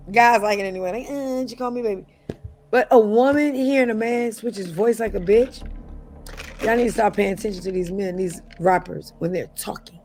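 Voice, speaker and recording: A woman's voice: on the high side, a little mellow. A middle-aged woman as an interview guest, talking bluntly and profanely, with mocking impressions of other people. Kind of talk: casual interview talk.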